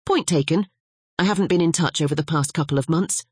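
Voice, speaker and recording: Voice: medium pitch, husky, no echo, studio quality, natural voice. A narrator voicing a restless male lawyer. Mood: bantering. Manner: brisk, friendly banter.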